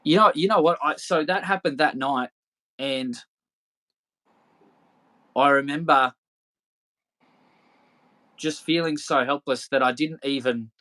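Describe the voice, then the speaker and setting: A man's voice: fairly high pitch, slow pace, long pauses, bright, forceful tone. A young adult man with an Australian accent, telling his story as a podcast guest in a blunt, profane way, full of fillers. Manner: blunt, heavy swearing, filler-laden. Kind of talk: casual storytelling.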